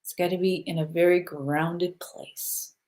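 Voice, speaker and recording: A woman hosting a casual spiritual stream, guiding listeners through breathing and giving gentle advice, often checking in with "okay?". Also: on the low side, fairly even intonation, unhurried. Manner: soothing, repeats "okay?" to check in. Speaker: spiritual live-stream host. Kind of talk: casual guided spiritual talk.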